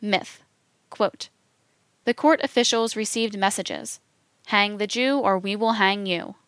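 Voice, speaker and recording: Female reader for a scripted read: slow, deliberate, even, crisp tone, dry close recording. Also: mid-range voice, no echo. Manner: measured, even, deliberate delivery. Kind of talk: scripted reading of quotations.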